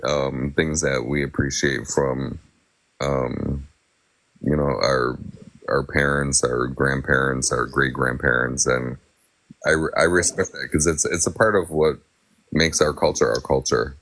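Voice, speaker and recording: A man's voice: a bass voice, fairly even intonation, unhurried, fairly bright tone, dry recording. A man talking in a casual chat, rambling and thoughtful with many fillers.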